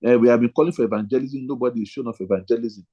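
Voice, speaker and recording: A man's voice: medium pitch, racing, lo-fi sound. A man, a pastor teaching other pastors in a sermon style, emphatic and repeating his key phrases.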